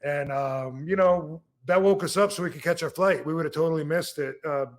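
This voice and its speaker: A middle-aged man from Michigan hosts a casual podcast chat. He rambles through a story with plenty of fillers and false starts. His voice sits slightly high for a man. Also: fairly quick. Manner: rambling with many fillers and restarts. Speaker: podcast host, wrestler.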